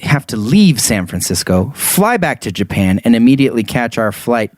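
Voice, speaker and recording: A man's voice: medium pitch, sing-song, normal speed, darkish tone, no room sound. A man co-hosting a podcast, reading a dream story aloud in casual chat and laughing often. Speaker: podcast co-host.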